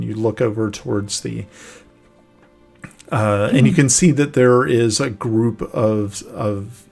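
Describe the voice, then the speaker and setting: A man narrating a tabletop game as game master, halting and searching for words mid-sentence. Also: mid-range voice, creaky.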